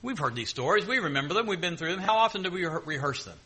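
A man preaching a sermon, retelling scripture with lively, joking asides between the verses he reads. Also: high-pitched, fast talker, breathy edge.

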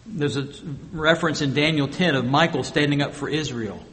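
A man preaching a sermon with emphatic rhetorical questions, moving between loud stressed phrases and quiet asides. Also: fairly high pitch, moderate pace, in a large hall. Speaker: pastor.

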